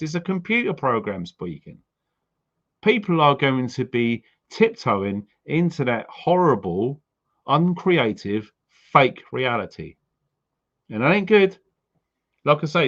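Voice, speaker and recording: A man's voice: medium pitch, dull audio. A man from the UK hosting a live stream about prepping, talking bluntly and with swearing about what he believes. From United Kingdom. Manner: blunt, sweary, heartfelt ranting. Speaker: prepping channel host.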